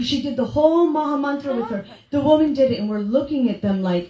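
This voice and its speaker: Lively high-voiced woman telling stories. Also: fairly quick, few pauses, background noise. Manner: animated, acts out quoted voices, laughs often. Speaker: devotional speaker. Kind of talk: storytelling talk to a gathering. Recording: echoey room.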